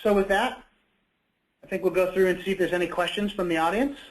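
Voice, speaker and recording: A man's voice: sits high, steady tone, fast, low-quality recording. A man presenting a product in a webinar, talking conversationally with frequent fillers and self-corrections.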